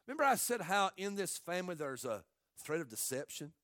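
A male pastor delivering an impassioned sermon with a high, bright voice that cuts through. His delivery rises from quiet, low asides to loud, climbing peaks. The sound is dry and close, with no room around it. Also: big pitch swings, brisk, few pauses, no room sound. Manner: impassioned preaching, swinging from hushed to shouting.

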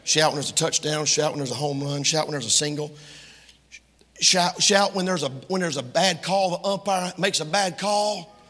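A male Baptist preacher, giving a folksy, joking sermon that bursts into shouting, with a husky voice and a long church hall reverb. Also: fairly high pitch, normal speed. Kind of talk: lively sermon.

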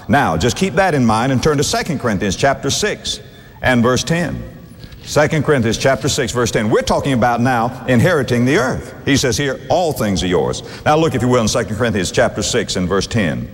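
Fervent preacher man with a lively voice. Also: a little fast, big-room sound, soft background music. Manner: fervent, swings between soft asides and loud high exclamations; chuckles between points, addresses listeners as dear friend. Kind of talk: sermon.

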